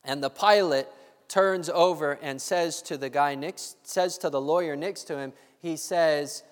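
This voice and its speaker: A man's voice: on the high side, measured pace. A man preaching a sermon, telling a story and acting out the voices of its people. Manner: animated, acts out voices in the story. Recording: long hall reverb.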